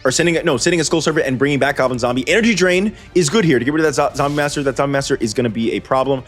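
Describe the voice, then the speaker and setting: A man's voice: mid-range voice, very fast, faint music behind. A man commentating on card-game matches, rambling and correcting himself with wry asides. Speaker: host and commentator. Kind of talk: gameplay commentary.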